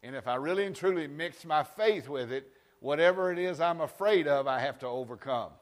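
A man preaching a sermon, firing rhetorical questions and rising to shouts. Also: on the high side, brisk, big-room sound. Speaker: pastor. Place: church sanctuary.

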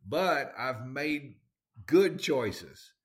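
A man's voice: medium pitch, lively intonation, drawn-out words. A man with a Southern accent preaching a sermon, folksy and emphatic, with plain everyday grammar.

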